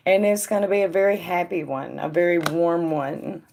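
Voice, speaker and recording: A woman hosting a casual live tarot reading, chatting with viewers by name and dropping to a quiet murmur when she puts questions to the cards. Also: on the low side, measured pace, creaky, noisy background. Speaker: tarot reader and stream host.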